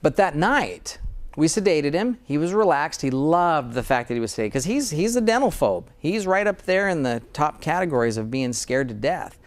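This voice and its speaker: A man's voice: a little high, big pitch swings, normal speed. A dentist in conversation, speaking earnestly and often repeating words as he starts a thought. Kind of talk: conversational interview.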